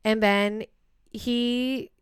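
Female podcast co-host, blunt and profane true crime storyteller, crisp tone. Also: a little high, steady tone, extremely slow, no echo, studio quality. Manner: blunt, profane, builds to heated outbursts.

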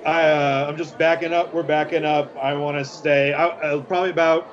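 A man's voice: a little high, level tone, brisk, a crowd in the background. A man playing his character in a tabletop game, talking in a hesitant, placating way. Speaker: player. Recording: slightly dull audio.

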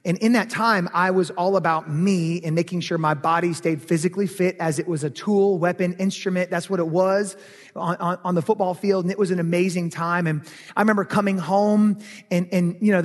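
A male pastor preaching a sermon, telling a personal story with lively, animated delivery that turns heated and loud in places. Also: high-pitched, brisk, long reverb tail.

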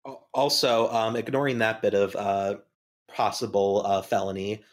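A podcast co-host in casual chat, wry and deadpan, talking with many fillers. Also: medium pitch, normal speed.

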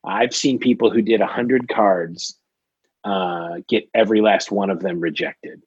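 A man's voice: on the low side, a little slow, breathy edge, no room sound, dull audio. A man talking as a guest on a casual podcast, explaining his freelance work with many fillers and restarts. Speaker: guest, trading card artist.

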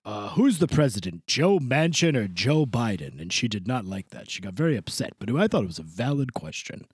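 A man's voice: medium pitch, big pitch swings, fairly quick, husky, dry recording, clean studio sound. A man doing a crude rambling Santa Claus. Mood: boastful. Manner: voice swooping up and down in a creepy way; rambling, boastful, crude, laughing. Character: crude foul-mouthed Santa Claus, male, old, boastful. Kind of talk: improvised comedy podcast bit.

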